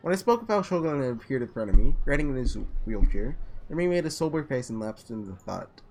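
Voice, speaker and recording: A man with a slightly hoarse, under-the-weather voice reads a visual novel aloud with casual asides, sometimes tripping over and restarting words. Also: mid-range voice, sing-song, fast, a little mellow, slight background noise. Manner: casual, trips and restarts words while reading. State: voice a little sick, slightly hoarse. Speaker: let's player.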